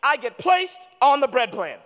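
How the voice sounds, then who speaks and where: A man preaching a sermon as a guest preacher in a church, animated and calling for responses from the congregation. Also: very high voice, unhurried. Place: church sanctuary. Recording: long reverb of a church hall.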